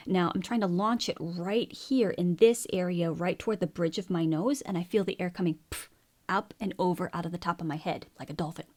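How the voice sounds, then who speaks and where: A woman vocal coach teaching a singing lesson, explaining vocal technique in a clear, instructive way. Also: on the low side, fairly quick, a little mellow. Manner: explains clearly, then demonstrates sung syllables and counts beats.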